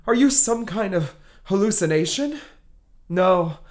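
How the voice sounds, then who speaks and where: A man's voice: high voice, animated, measured pace. A man putting on a sneering evil double. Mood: smug. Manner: sneering, theatrical. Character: smug sinister male doppelganger, mocking and bored. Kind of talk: comedy sketch acting.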